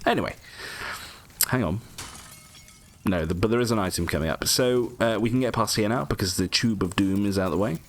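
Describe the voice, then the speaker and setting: A man's voice: low voice, fairly bright tone, slight background noise. A man giving casual, rambling gameplay commentary full of jokey asides.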